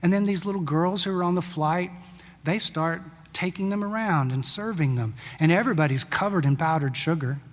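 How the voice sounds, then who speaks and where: Man preaching in a reverberant church. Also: a little high. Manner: conversational storytelling, shifting between brisk and slow, hushed passages. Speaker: pastor. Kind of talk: sermon. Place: church sanctuary. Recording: long church-hall reverb.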